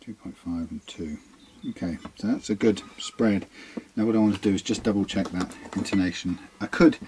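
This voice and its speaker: Man, low voice, guitar technician, musing to himself, workshop demo, faint hiss and plucked strings behind. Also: normal speed. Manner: musing, talks to himself while working. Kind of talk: hands-on workshop demonstration.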